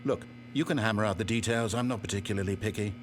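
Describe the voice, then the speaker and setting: A man's voice: on the low side, fast, noisy background, close to an everyday voice. A man voicing a pompous, sarcastic game narrator who reads out the story in a dry, mocking tone.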